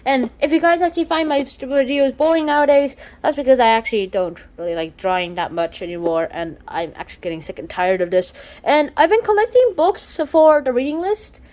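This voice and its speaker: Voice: high-pitched, expressive, brisk, a little mellow. A young host reading a study guide aloud in a casual lesson, stumbling over words and restarting often. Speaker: channel host.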